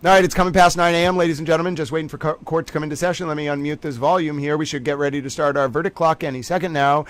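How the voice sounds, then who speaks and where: A man's voice: fairly high pitch, steady tone, rapid-fire, few pauses, poor audio. A man hosting a casual commentary livestream, rambling playfully with mock-grand asides. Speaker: livestream host.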